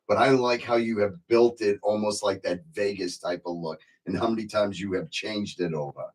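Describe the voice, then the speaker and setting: Low-voiced host, rambling questions. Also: male voice, fairly even intonation, normal speed, a little mellow, rough recording. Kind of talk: casual interview questions.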